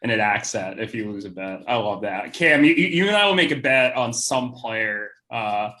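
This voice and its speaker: Young man co-hosting, laughing, halting. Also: fairly low pitch, animated, bright, forceful tone. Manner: laughing often, many fillers. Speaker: podcast co-host. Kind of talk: casual chat.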